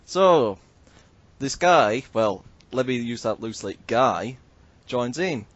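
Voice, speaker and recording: Podcast host, man, animated storyteller, dry lo-fi voice chat sound. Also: mid-range voice, slow, dry recording. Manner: animated, swearing, mimics others in quotes.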